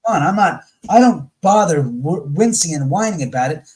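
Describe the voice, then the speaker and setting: A man's voice: on the high side, moderate pace, low-quality recording. A middle-aged man talking bluntly and profanely in casual chat, often acting out other people's words. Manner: blunt, profane and animated, acting out quoted voices. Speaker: guest.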